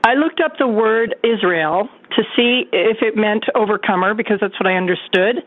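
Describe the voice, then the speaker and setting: A woman's voice: medium pitch, moderate pace, a little hiss or hum. A woman calling in to a radio show to ask a question. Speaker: caller. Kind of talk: phone-in question. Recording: tinny phone line.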